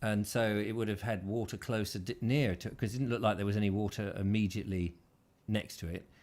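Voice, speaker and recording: A man hosts a loose, chatty show, rambling through his thoughts with plenty of ums and restarts. His voice sits on the low side. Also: fairly even intonation, brisk, darkish tone. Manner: rambling, hesitant, full of fillers and restarts. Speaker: host. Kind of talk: casual chat.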